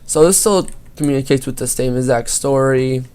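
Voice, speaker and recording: A man's voice: mid-range voice, normal speed, darkish tone, clear, resonant tone. Rambling, foul-mouthed teen boy gamer. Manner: rambling, swears a lot, restarts sentences. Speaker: gaming YouTuber. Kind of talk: casual storytelling over gameplay.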